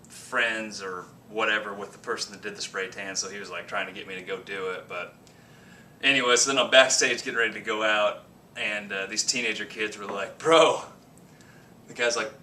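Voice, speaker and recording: A man's voice: on the low side, slight background noise. A man telling a rambling personal story to the camera in a casual vlog. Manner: rambling, animated anecdote with quoted voices. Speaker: fitness vlogger. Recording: echoey room from a distance.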